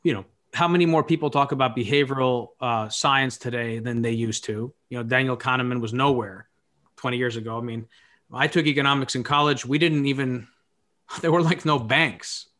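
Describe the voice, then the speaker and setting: Male podcast guest, mid-pitch, reflective thinker, talks ideas through out loud. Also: moderate pace. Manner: musing, philosophical, thinks aloud. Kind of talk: reflective conversational talk.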